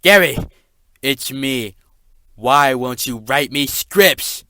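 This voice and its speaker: Young man voicing a male dragon, shouty, whiny, easily angered, comedy skit, bright and dry. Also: mid-range voice, very animated, measured pace, no echo, voice pushed up. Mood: bellowing. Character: loud boastful male dragon channel host.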